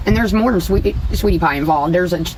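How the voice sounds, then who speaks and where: A woman's voice: on the low side, brisk, background noise. A woman rambling and venting to her livestream chat in a casual, profane way.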